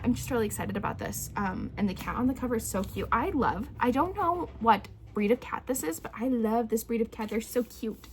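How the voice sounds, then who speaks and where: A woman's voice: mid-range voice, a little hiss or hum. A young woman chatting casually to camera about her reading plans, rambling with many fillers. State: teary, emotional. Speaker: booktuber.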